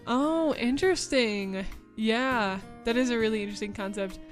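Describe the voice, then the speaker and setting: A woman's voice: fairly high pitch, normal speed, soft background music. Bubbly woman streamer chatting with viewers. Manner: bubbly and chatty, reads chat aloud and thanks viewers. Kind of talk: casual livestream chat.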